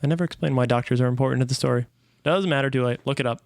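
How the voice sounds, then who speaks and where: A man co-hosting a casual chat, chiming in with jokes and quick questions. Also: medium pitch, vocal fry, no room sound, studio quality. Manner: wisecracking, chiming in with quips. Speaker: co-host.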